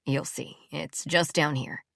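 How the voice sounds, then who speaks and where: Woman doing a soft-spoken male professor. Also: fairly even intonation, slow, creaky, dry recording, studio quality, heavily acted. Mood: gentle, persuasive. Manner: soft, low, insistent. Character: adult male music professor, calm and persuasive. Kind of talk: audiobook character voice.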